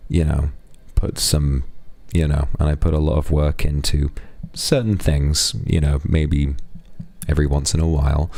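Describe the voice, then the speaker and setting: A man with a strikingly low, gravelly voice chats with his viewers on a live stream. He thanks donors warmly and drops playful asides. The sound is dark and mellow, and it is close and dry, with no room around it. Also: no echo. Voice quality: very deep, gravelly voice. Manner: warm, affectionate thank-yous with playful asides. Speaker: streamer reading donations. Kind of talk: casual live-stream chat.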